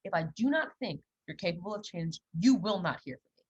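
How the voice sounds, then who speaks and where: Fast-talking, blunt young woman, husky. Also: on the low side, highs cut off. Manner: blunt, animated storytelling with acted-out quotes. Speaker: podcast co-host. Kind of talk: casual chat.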